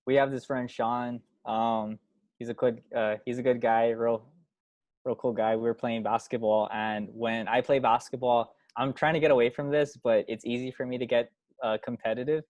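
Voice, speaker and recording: A man's voice: medium pitch, little pitch movement, moderate pace, darkish tone, dry recording, dull audio. Laid-back man telling stories, dry sound. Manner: laid-back, laughs through his stories. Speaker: podcast guest. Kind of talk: casual storytelling.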